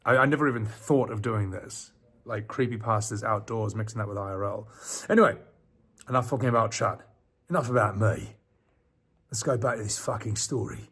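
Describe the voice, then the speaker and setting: A man reading horror stories on a live stream at night, theatrical and dropping into low whispers, chatting with viewers between passages. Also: brisk, fairly bright tone, husky. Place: outdoors on a porch at night.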